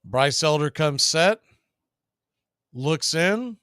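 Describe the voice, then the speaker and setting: Smooth, dry-voiced baseball play-by-play man. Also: animated, fairly bright tone, dry recording. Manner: partisan home-team calls, brisk pitch-by-pitch delivery. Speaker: radio play-by-play announcer.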